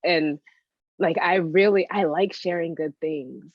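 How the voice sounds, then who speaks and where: A woman coaching client, hesitant and searching for words, with many pauses and fillers. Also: lowish voice, no echo, dull audio. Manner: hesitant, many ums and likes, emotional. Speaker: coaching client, joy strategist for working moms. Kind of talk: role-play then open reflection.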